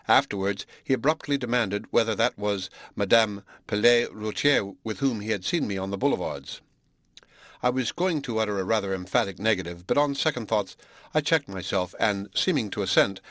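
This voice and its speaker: Low-voiced male audiobook narrator. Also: expressive, brisk, a bit bright, dry recording, clean studio sound. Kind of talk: scripted narration.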